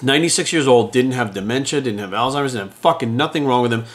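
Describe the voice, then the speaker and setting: Man, forties, fast-paced, blunt, heated, swearing constantly, fitness trainer. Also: mid-range voice. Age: 40s. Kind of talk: unscripted rant to camera.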